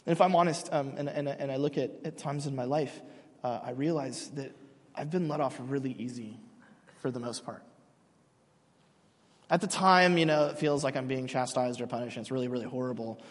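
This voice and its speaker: A pastor in his thirties preaches a sermon, telling stories casually and jokingly with many restarts. His mid-range voice moves fairly quickly, and long hall reverb fills the recording.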